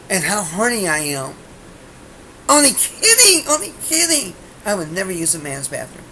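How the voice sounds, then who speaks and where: Brash comedian lady rambling on her show, bright tense voice with lots of gravel. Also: low-pitched, slight background noise. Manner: rambling, self-interrupting, brash jokes. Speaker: host and comedian.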